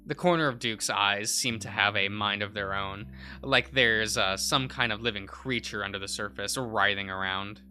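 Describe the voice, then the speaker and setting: A man's voice: fairly low pitch, normal speed, pushed and bright, smooth, faint music behind. A young man streaming, reading a visual novel aloud with many uhs and restarts.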